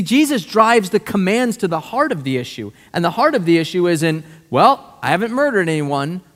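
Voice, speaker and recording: A male pastor preaching a sermon, animated and conversational, full of rhetorical questions. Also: high-pitched. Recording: long hall reverb.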